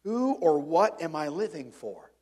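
A man preaching a sermon in an earnest way. He swings between emphatic rising points and quiet, reflective reading. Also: fairly high pitch, very animated, unhurried. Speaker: pastor.

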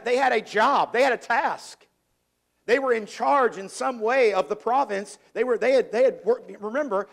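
A man preaching a sermon, reading scripture aloud in an old-fashioned cadence and slowing down to stress key words, often repeating words as he builds his point. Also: very high voice, vocal fry. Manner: reads scripture in archaic cadence, slowing for emphasis.

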